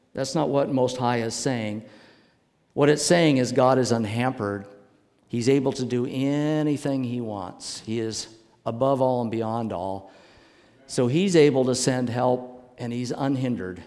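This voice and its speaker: A male pastor preaching a sermon in an earnest way, slowing down to stress key phrases. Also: mid-range voice, darkish tone, in a large hall.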